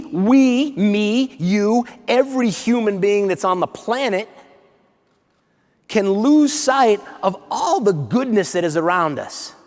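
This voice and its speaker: A man with a fairly high voice delivers a playful, lively motivational keynote and keeps drawing the audience in. His voice carries a long reverb from a large conference hall. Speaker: keynote speaker.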